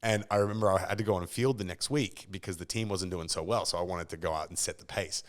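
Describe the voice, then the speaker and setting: Australian man, podcast guest, casual chat, animated storytelling, lowish voice. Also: fast talker. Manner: animated storyteller who acts out quoted voices.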